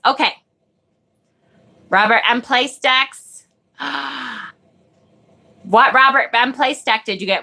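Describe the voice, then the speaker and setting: A woman's voice: fairly high pitch, bright, forceful tone. A woman hosting a live tarot stream, chatting casually and reading viewers' comments, often sidetracked and swearing casually when annoyed. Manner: chatty, scattered, frequently sidetracked. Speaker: tarot livestream host.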